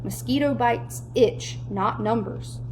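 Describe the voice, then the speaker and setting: A woman's voice: fairly high pitch, slow pace, background noise. Woman voicing a strict, dry schoolteacher. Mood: firm.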